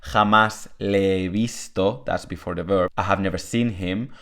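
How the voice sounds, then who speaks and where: Deep-voiced man teaching casually. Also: fairly even intonation, normal speed, a bit bright. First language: Spanish. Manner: chatty, many fillers, switches between Spanish and English. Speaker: Spanish teacher. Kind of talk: casual explanatory lesson.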